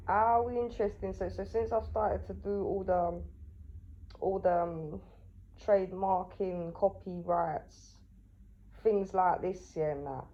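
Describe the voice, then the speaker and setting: Slow-talking woman questioning herself. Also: medium pitch, warm tone. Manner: interviews herself, tagging lines with "yeah?"; rambling, with many restarts. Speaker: vlogger and writer. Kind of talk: casual monologue. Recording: dull lo-fi sound.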